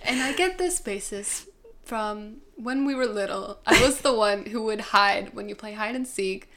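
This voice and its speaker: Bright-voiced young woman, giggly. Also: mid-range voice, measured pace. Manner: chatty, giggly, lots of fillers. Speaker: podcast co-host. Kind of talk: casual true-crime chat.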